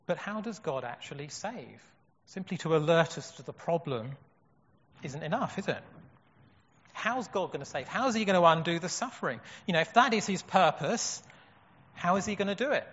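A man's voice: a little high, lively intonation, moderate pace, fairly bright tone, slightly rough. A man preaching a sermon in an earnest way, asking rhetorical questions. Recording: dull echoey hall.

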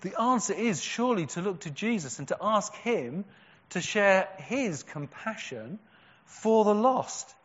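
A slightly high-voiced man delivers a sermon at an unhurried pace, earnest and emphatic, often dropping to a hush. His voice rings through a large hall with a long echo, and the recording sounds a little dull. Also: sing-song. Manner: earnest, rising to emphatic cries and dropping to hushed, slow stresses. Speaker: preacher.

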